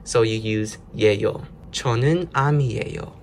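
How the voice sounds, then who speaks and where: A man's voice: lowish voice, very fast, darkish tone, slight background noise. A man hosting a casual self-study video, explaining grammar step by step in a loose, chatty way. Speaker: language learner host.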